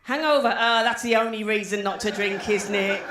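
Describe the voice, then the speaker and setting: A woman's voice: mid-range voice, normal speed. A woman in her forties with a West Midlands accent doing brash, swearing stand-up and teasing the crowd. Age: 40s. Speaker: stand-up comedian. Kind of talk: live stand-up with crowd work. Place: comedy gig venue. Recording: echoey live room with background noise.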